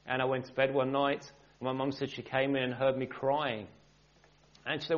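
A man's voice: medium pitch, fairly even intonation, fairly quick, dull audio. A man, a minister telling his own story of faith in a church, conversational with light joking asides. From England. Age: 40s. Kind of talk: personal testimony in a church talk.

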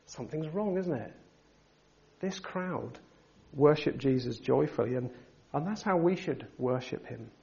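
A man preaching a sermon, asking his listeners rhetorical questions and building to loud, emphatic passages. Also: fairly high pitch, highs cut off.

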